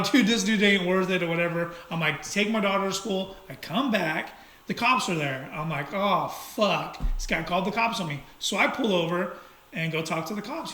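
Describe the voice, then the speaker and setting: A man in casual chat, telling a heated story in an animated, profane way. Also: high-pitched. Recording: echoey room, faint noise.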